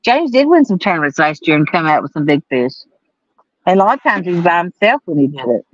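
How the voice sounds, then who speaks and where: A woman's voice: on the low side, big pitch swings, brisk, no echo. A woman hosting a fishing livestream from a pontoon boat at night, chatting and reading viewer comments in a drawling, playful way. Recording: slightly dull, lo-fi sound.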